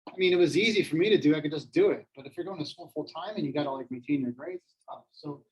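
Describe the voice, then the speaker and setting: A man's voice: fairly high pitch, expressive, quick pace, lo-fi sound. Rambling, chatty male classroom teacher. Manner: rambling, self-deprecating, lots of fillers. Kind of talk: casual classroom lecture.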